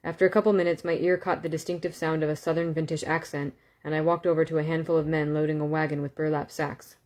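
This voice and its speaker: A woman reading a novel aloud in a calm, steady way, with small self-corrections and asides. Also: low voice, fast. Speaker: audiobook reader.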